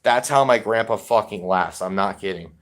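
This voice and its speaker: A man's voice: lowish voice, normal speed, fairly bright tone. A man talking in a personal video update, rambling and cursing heavily in an agitated way. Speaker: vlogger.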